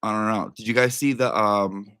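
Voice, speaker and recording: A man's voice: on the low side, fairly even intonation, moderate pace, a bit bright, clear, resonant tone. Chatty profane man. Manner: chatty, profane, talks to his dog mid-stream. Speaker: livestream host. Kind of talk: casual livestream chat.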